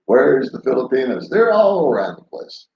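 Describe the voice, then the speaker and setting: A man's voice: medium pitch, very animated, moderate pace, vocal fry, slight background noise. An older man chatting casually on a live stream, rambling and laid-back, laughing often as he answers viewers. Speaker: vlogger answering live chat. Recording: roomy, dull lo-fi sound.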